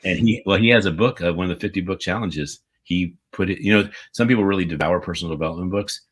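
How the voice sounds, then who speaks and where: A man co-hosting a casual livestream over a video call, reading out birthday shout-outs in an enthusiastic, rambling way. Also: low-pitched, fast talker, slightly rough. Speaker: podcast co-host.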